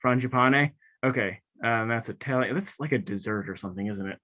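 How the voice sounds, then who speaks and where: Guy in a spelling bee, mid pitch, talks himself through it, double checks everything, video call. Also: fairly quick, sharp tone. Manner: chatty, second-guessing, thinks aloud. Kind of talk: spelling aloud in a contest.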